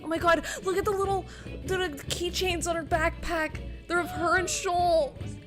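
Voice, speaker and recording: A woman's voice: extremely high pitch, steady tone, normal speed. A woman streaming a game, chatting playfully and reading lines aloud. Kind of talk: casual game stream commentary. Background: game music.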